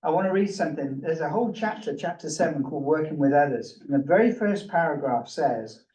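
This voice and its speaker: Man, fairly high voice, self-deprecating group speaker who works the room, in an echoey space from far off. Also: expressive, a little fast, darkish tone. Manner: engaging, polls the audience, self-deprecating humor. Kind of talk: casual talk to a group. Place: meeting room with a live group.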